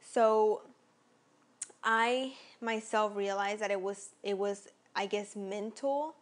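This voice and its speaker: A woman's voice: medium pitch, slow. A young woman vlogger telling a personal story in a casual, rambling way, full of fillers and restarts.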